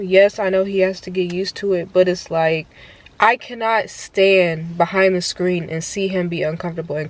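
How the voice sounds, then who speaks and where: Chatty mom vlogger. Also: female voice, medium pitch, rough recording. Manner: chatty, peppered with "like" and "y'all". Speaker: vlogger and mother. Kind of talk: casual vlog chat.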